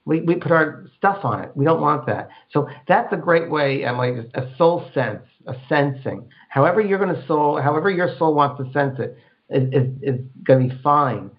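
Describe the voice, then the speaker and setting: A man's voice: on the high side, lively intonation, moderate pace. Rambling spiritual radio host, a man. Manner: rambling, repeats words, acts out inner voices. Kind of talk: call-in radio advice. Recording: dull lo-fi radio sound.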